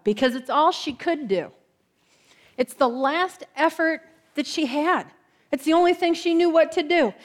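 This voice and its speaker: A woman preacher telling a story in a sermon, slowing down and dropping her voice soft for emphasis. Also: sits high.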